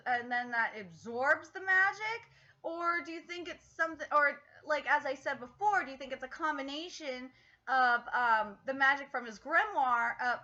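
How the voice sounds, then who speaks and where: Excitable high-voiced woman streamer. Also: dull audio. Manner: excitable, swears freely, many fillers. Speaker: manga reaction streamer. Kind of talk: live reaction commentary.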